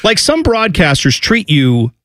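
A man hosting a sports talk show, opinionated and animated, sometimes slipping into exaggerated impressions. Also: sits high, a little slow, dry recording. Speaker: sports radio host.

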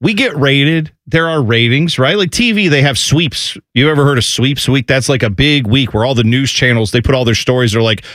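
A man's voice: mid-range voice, brisk, hardly any pauses, dry recording, clean studio sound. A man hosting a sports radio show, chatting casually and acting out quoted voices. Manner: animated, acts out quoted voices.

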